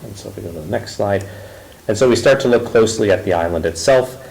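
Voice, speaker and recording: A man giving a presentation at a town meeting, halting, with many ums and restarts. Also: on the low side, creaky, a little mellow, slight background noise, rough recording. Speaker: ecological consultant presenting.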